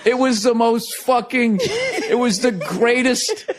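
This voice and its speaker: Male podcast host, high voice, loose storytelling chat, laughs through lines, heavy profanity. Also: takes it slowly, a crowd in the background. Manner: laughs through the story, swears freely, animated sound effects.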